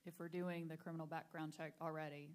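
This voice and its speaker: Board member, female, very low voice, reasons things through. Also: flat delivery, fast talker, a little mellow. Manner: reasoning, proposes edits. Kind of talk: discussion at a board meeting.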